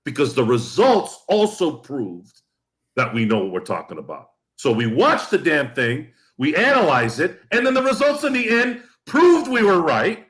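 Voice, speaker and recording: A man's voice: on the high side, big pitch swings, unhurried, fairly bright tone. A man co-hosting a sports podcast, ranting bluntly and with profanity, repeating himself as he gets worked up. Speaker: podcast co-host. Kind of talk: heated casual podcast rant.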